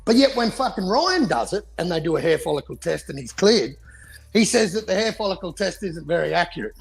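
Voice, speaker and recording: A man rants about boxing in a gravelly, husky voice, his pitch swinging up and down. He swears constantly and keeps up a heated, casual chat. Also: big pitch swings, a little fast. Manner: profane, heated ranting. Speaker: podcast co-host.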